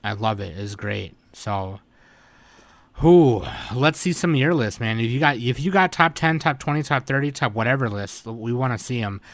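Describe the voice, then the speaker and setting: A man's voice: mid-range voice, expressive, moderate pace, no echo. A man hosting a casual anime podcast, laid-back and tired, with lots of fillers and swearing. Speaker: podcast host. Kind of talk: casual chat.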